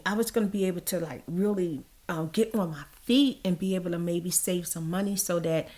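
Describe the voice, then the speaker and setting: Animated storytelling woman, lowish voice. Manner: animated storytelling, acts out quoted people. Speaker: vlogger. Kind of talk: storytime chat.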